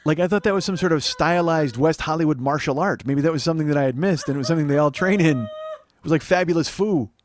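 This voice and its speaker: Fast-talking profane man. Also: fairly high pitch, a little hiss or hum. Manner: profane, animated storytelling with acted-out quotes. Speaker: comedian host. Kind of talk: podcast storytelling.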